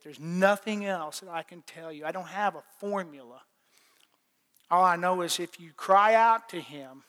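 A middle-aged man delivers a sermon in a folksy, plainspoken way, circling back on his words and chuckling between points. His voice sits a little high for a man. The sound rings with the long reverb of a large hall. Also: fairly bright tone. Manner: plainspoken, folksy testimony with laughs and repetitions. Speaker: preacher.

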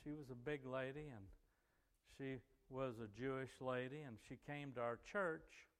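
In a large church sanctuary, a man delivers a sermon in a smooth, mid-range voice with fairly even intonation and a moderate pace. He preaches to his congregation in a folksy, conversational style, weaving in stories and often saying "you know."

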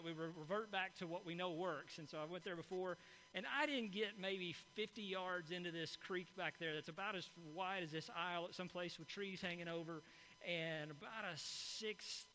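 A man's voice: sits high, pushed and bright, slight background noise, rough recording. A middle-aged man preaching a sermon to a congregation, in a conversational, storytelling manner with frequent "right?" asides. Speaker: pastor. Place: church hall before a congregation.

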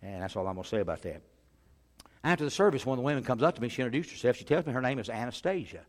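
A middle-aged man preaching, telling funny stories in an animated way and often chuckling and clearing his throat. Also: medium pitch, rapid-fire. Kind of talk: humorous sermon storytelling.

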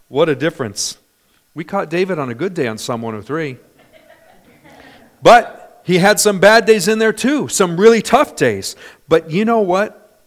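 A man's voice: on the high side, lively intonation, normal speed. A man in his fifties preaching a sermon in an emphatic, conversational way, often asking his congregation for an amen. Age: 50s. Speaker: pastor.

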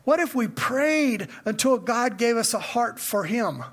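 A man's voice: very high-pitched, expressive, a little slow, hardly any pauses, fairly bright tone. A male pastor preaching a sermon in a conversational style that builds to emphatic questions.

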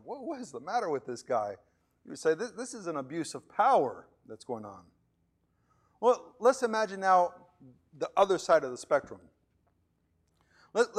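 A middle-aged pastor preaching a sermon in church, breaking into acted-out skits and often repeating words as he restarts. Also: a little high. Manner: plain preaching with acted-out skits and quick voice changes.

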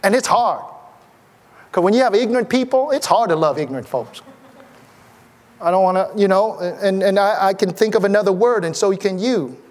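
Pastor guy preaching, high voice, lots of reverb from the church hall. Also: moderate pace. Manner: animated preaching with rising exclamations. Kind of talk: sermon.

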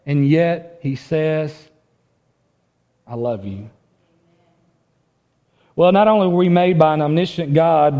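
With a voice that sits high, this pastor delivers an earnest sermon, moving from forceful volume down to near-whispers. He frequently restarts, repeating words as he goes.

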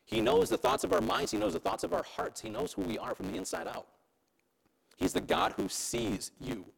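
A man preaching in a relaxed, conversational way, often turning to his listeners with a quick question. His voice sits fairly high and swings widely in pitch. A heavy gravelly rasp runs through his speech. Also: poor audio. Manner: conversational preaching, keeps asking "right?". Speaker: pastor. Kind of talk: sermon.

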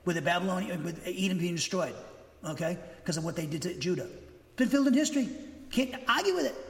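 A man's voice: sits high, animated, quick pace, long reverb tail. A man preaching a sermon as a pastor, with an emphatic, rambling way of talking and frequent self-corrections.

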